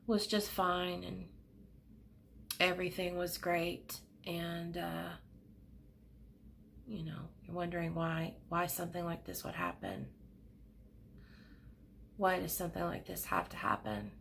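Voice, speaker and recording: A middle-aged woman giving a pick-a-card tarot reading at her desk at home, speaking gently and emotionally, with soothing pauses. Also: fairly low pitch, creaky, a little hiss or hum.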